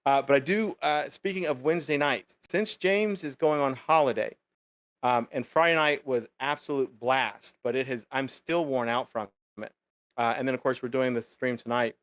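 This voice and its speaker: Male stream co-host, mid-pitched, loose and rambling delivery, dry room. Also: normal speed, a bit bright, dry recording. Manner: rambling, lots of fillers. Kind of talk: casual live chat.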